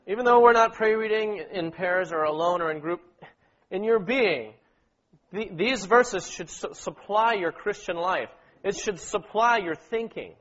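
A man's voice: high voice, a bit bright, muffled recording. A man leading a church meeting, preaching and prompting the group to read verses aloud together, often asking "okay?" and answering "amen.". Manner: exhorting, repeats words, prompts the congregation with "okay?" and "amen". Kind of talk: sermon with group scripture reading.

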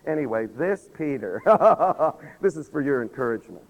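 Gravelly preacher, losing his voice. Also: a little high, moderate pace. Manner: animated storytelling, acts out quotes, rhetorical questions. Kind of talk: sermon. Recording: long hall reverb.

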